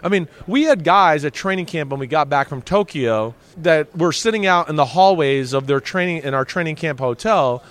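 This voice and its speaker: A middle-aged man tells stories in a relaxed interview. He acts out the people he quotes, and his somewhat high voice swings widely as he does. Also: moderate pace, few pauses. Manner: animated, acts out quotes with big pitch swings. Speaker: guest, former football player. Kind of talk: casual storytelling interview.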